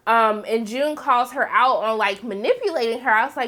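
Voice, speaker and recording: A woman hosting a casual TV recap, chatty and animated, full of "like" and "um" fillers. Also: moderate pace. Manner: chatty, heavy use of "like" and "um"; animated, breaks into excited high exclamations. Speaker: TV series review host.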